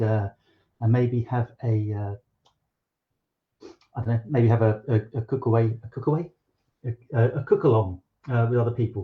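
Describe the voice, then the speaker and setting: A man's voice: mid-range voice, phone-quality sound. Rambling male live-stream host. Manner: rambling, many fillers and restarts. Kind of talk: casual live-stream chat.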